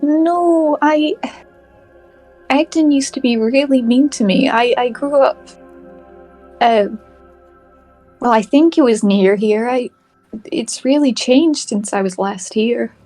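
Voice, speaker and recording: A woman's voice: on the high side, takes it slowly, pauses often, dark tone, soft background music. Woman doing an earnest, stammering rabbit-folk paladin lad. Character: cheerful young male rabbit-folk paladin. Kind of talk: character voice in tabletop play.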